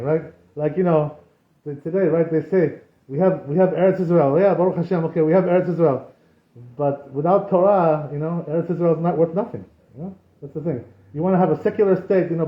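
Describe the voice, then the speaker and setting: Rabbi teaching in an echoey room. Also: male voice, fairly high pitch. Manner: conversational, peppered with "you know" and Hebrew terms. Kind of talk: informal Torah class. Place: synagogue. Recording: echoey room, dull lo-fi sound.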